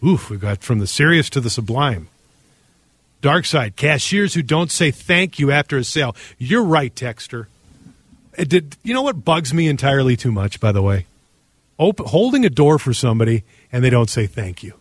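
A man's voice: mid-range voice, sing-song, normal speed, slightly rough, no echo. A man hosting a call-in radio show, casual and joking as he reads listener texts. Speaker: radio host. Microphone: studio microphone.

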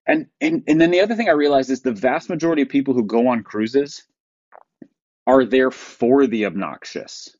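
A man's voice: medium pitch, animated, normal speed, darkish tone, dry recording. A middle-aged man co-hosting a podcast in casual chat, telling stories in a dry, wry way. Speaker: podcast co-host. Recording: dry, slightly dull sound.

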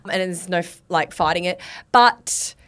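A woman in her thirties co-hosting a podcast, reacting quickly and talking bluntly, with some swearing. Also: fairly low pitch, fairly bright tone, clean tone. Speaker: podcast co-host. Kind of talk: casual chat.

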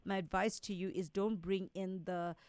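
A woman's voice: medium pitch, steady tone, normal speed, a little mellow, smooth, no room sound. Brief: woman, radio psychic, direct and soothing, dry close studio sound. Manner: direct, reassuring, relays messages as quotes. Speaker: resident psychic medium. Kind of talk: radio call-in psychic readings.

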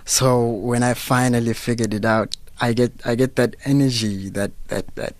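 A young South African man, a business owner being interviewed on radio, relaxed and casual, laughing easily. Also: medium pitch, moderate pace, no echo. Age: young adult. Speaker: guest entrepreneur. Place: radio studio.

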